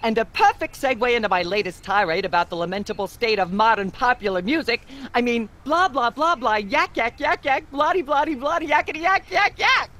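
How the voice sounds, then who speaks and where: A haughty TV talk show diva. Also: female voice, a little high, animated, a little fast, few pauses, a bit bright. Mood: pompous. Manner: haughty, lecturing, rambling blah-blah tirades. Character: vain pompous female TV talk show host.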